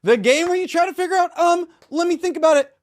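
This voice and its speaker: A man doing a cheesy game show host. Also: no echo. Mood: showy. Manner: announcer-style, drawn-out and booming. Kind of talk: improv comedy sketch.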